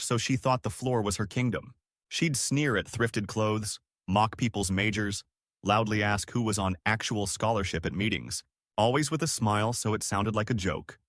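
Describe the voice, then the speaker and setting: A man reading scripted stories aloud as a narrator, with a lively, dramatic storytelling delivery. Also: medium pitch, no echo, clean studio sound.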